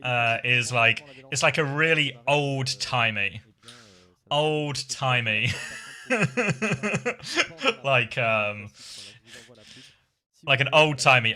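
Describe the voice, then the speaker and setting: English male esports streamer, very bright forceful tone, chatty and self-deprecating, easy stream talk. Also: mid-range voice, lively intonation, extremely slow, pauses often. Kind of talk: casual stream chat and play-by-play commentary.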